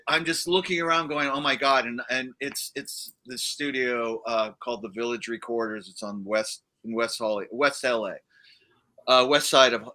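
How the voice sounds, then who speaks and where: A man's voice: medium pitch, sharp tone. A man, a guest musician, telling a rambling story in casual chat on a livestream, with many fillers and restarts. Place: livestream studio.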